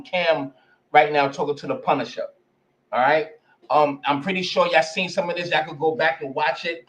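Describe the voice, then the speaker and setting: A man hosting a live stream, talking casually and profanely while reading viewer comments. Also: fairly high pitch. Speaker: host.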